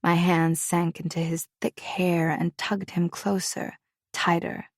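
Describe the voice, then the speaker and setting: A woman's voice: lowish voice, flat delivery, slow, dry recording, studio quality. A woman narrating a romance audiobook in the first person, intimate and confessional.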